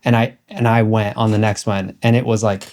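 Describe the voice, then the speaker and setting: A man with a fairly low voice chats casually on a podcast. He backs up the other host with short agreements and tells a story of his own. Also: flat delivery, a little fast, darkish tone.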